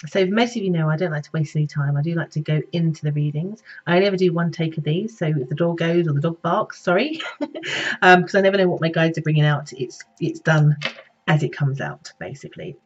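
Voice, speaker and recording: Husky woman reading horoscopes. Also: low voice, a little fast, muffled recording. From Britain. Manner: chatty, conversational, addresses viewers directly. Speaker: psychic reader. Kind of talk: casual direct-to-camera horoscope reading.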